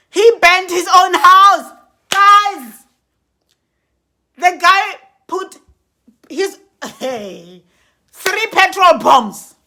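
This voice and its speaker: A middle-aged woman tells a storytime vlog in a very high voice. She is dramatic and expressive and mimics bangs and blasts aloud. Her tone is bright and forceful. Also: extremely slow, pauses often. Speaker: vlogger telling a story.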